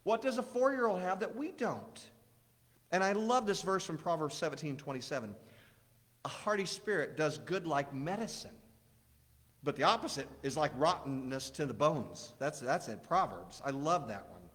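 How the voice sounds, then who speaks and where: A man's voice: fairly high pitch, lively intonation, moderate pace, a bit bright, long reverb tail. A man preaching a conversational sermon to a congregation in a church, often asking them questions.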